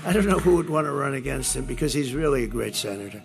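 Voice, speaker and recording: A man's voice: medium pitch, animated, fast, creaky. A man giving a rambling, repetitive campaign rally speech, boastful and full of asides. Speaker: politician addressing a rally.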